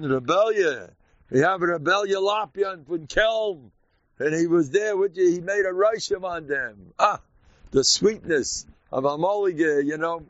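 A man with an American accent, a rabbi giving an informal, animated Purim talk full of stories and sudden shouts. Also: fairly high pitch, no room sound, lo-fi sound.

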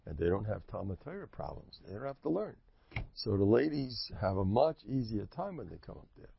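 Gravelly man preaching, dull lo-fi sound. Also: fairly low pitch, sing-song, fairly quick, slight background noise. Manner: emphatic, joking, preachy. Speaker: religious speaker. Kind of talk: sermon. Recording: lo-fi dull recording.

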